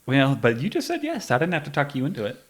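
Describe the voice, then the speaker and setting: A man in his forties hosting a podcast, talking in a relaxed way and trailing off softly at the ends of thoughts. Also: medium pitch, fast. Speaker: podcast host. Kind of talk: casual conversation.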